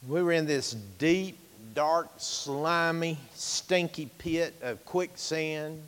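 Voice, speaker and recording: A man preaching a sermon as pastor, emphatic, swinging from loud to hushed, in a church sanctuary. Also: a little high, slow pace, clear, resonant tone, in a large hall.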